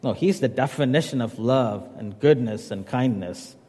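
A man preaching from the pulpit with a mellow, dark voice that carries a long reverb through the church. He teaches in a measured way and drops in casual asides to the congregation. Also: mid-range voice, breathy edge. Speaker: pastor. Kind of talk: sermon. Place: church sanctuary.

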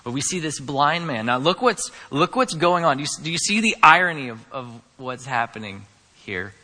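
A man preaching a sermon, moving from quiet, conversational asides to loud, emphatic declarations. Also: fairly high pitch, big pitch swings, moderate pace. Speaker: pastor. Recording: long hall reverb.

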